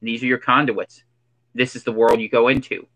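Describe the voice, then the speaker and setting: Playing a hoodie-wearing, sunglassed conspiracy theorist who preaches through ominous rhetorical questions in an affected accent, a man performs a comedic monologue. His mid-range voice is steady and a bit bright at normal speed. The recording is rough.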